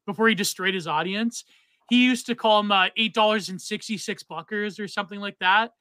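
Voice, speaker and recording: High, bright-voiced man chatting on stream. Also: a little fast, smooth, dry recording. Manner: rambling, many fillers and restarts. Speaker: podcast co-host. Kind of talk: casual chat on a livestream.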